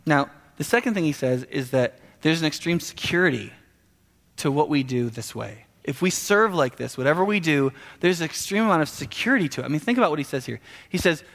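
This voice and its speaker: A man preaching a sermon in a casual, animated, conversational way, often restarting sentences and adding asides. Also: on the high side, fairly quick, gravelly. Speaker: pastor. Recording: echoey hall with long reverb.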